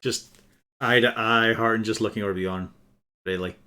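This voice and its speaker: A man's voice: fairly low pitch, steady tone, moderate pace, bright, forceful tone. Wry man at a game table. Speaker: player. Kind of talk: casual chat at a game table.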